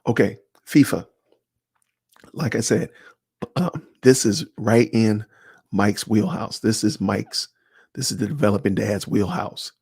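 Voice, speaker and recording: A man hosting a livestream, chatting casually and answering viewers by name in an animated, slangy way. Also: lowish voice, a little slow, creaky, pauses often, husky, dry recording, clean studio sound. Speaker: livestream host. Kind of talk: casual livestream chat reading comments.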